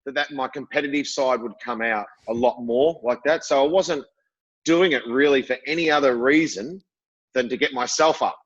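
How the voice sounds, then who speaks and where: A middle-aged man as a podcast guest, telling lively stories and acting out what people said. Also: medium pitch, normal speed, muffled recording. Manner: lively storyteller, acts out quotes. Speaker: guest, former cricketer. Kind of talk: casual interview chat.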